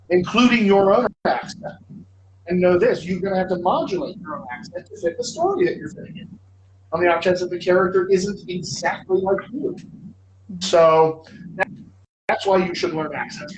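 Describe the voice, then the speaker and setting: A man hosting a live Q&A as a dialect coach, giving chatty, enthusiastic advice with jokes, heard over a livestream microphone. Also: high-pitched. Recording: roomy, distant, dull lo-fi audio with faint noise.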